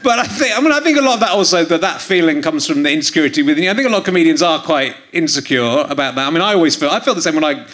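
A man's voice: a little high, lively intonation, a bit bright. A man hosting a casual interview, agreeing often and thinking aloud. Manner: quick, agreeable interviewer, many yeahs. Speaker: podcast host. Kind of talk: casual chat.

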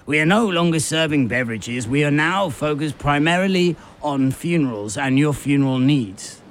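A man's voice: on the high side, animated, moderate pace, slight background noise. A man voicing a curt, exasperated male kiosk attendant who speaks in clipped, impatient lines.

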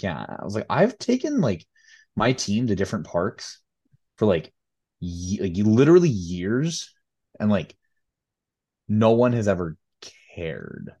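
With a deep, slightly mellow voice, a young podcast co-host and high school tennis coach relaxes into casual storytelling. He fills it with fillers and laughs.

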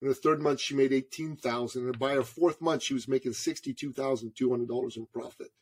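A Canadian man in his forties, guesting on a podcast, tells a story animatedly and calls the host "brother." His husky voice is medium-pitched and fairly quick in this storytelling interview.

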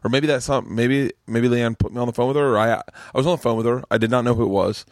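A man's voice: mid-range voice, fast, a little mellow, no echo, studio quality. A man hosting a podcast, telling stories in casual chat, swearing often and acting out the people in them. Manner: profane, storytelling, does voices in quotes. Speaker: podcast host. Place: home studio room.

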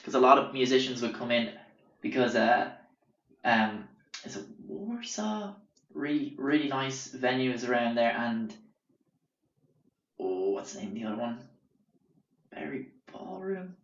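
A man's voice: mid-range voice, expressive, unhurried, long pauses, a bit bright, echoey room, lo-fi sound. A young man telling a casual, profane anecdote, rambling and often losing track of names. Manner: rambling, swears constantly, loses track of names. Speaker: storyteller.

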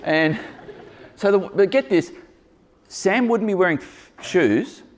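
A man preaching a lively sermon to a congregation in a church hall, teasing and joking with his listeners as he goes. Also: high voice, slow pace, slight background noise. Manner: playful, teasing asides to the congregation.

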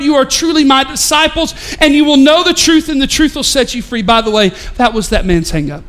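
A man preaching a sermon in a church, shifting from hushed prayer to loud proclamation and folksy stories with many restarts. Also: very high-pitched, brisk, few pauses, poor audio. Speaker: pastor. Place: church sanctuary.

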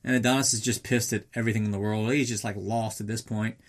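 A man's voice: on the low side, little pitch movement, fast. A man casually recapping a film in a rambling, sarcastic way, swearing often.

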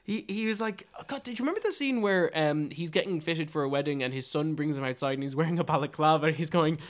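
A man casually reviewing a film in conversation, animated and full of restarts, his pitch jumping up when he is incredulous. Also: fast talker. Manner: restarts and stumbles often.

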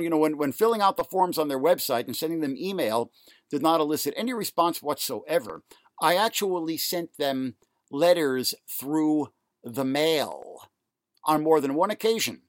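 A man in a halting, sarcastic rant, full of fillers and indignant asides. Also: a little high, a bit bright, dry recording, clean studio sound. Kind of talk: ranting monologue.

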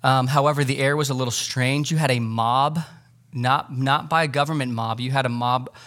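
A man preaching a sermon, lively and joking, acting out the disciples in quick asides. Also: mid-range voice. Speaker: pastor.

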